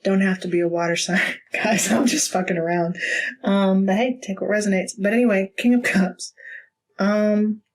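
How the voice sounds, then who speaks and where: A woman's voice: mid-range voice, fairly even intonation, moderate pace, poor audio. A woman giving a casual tarot reading, blunt and profane, laughing often. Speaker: tarot reader.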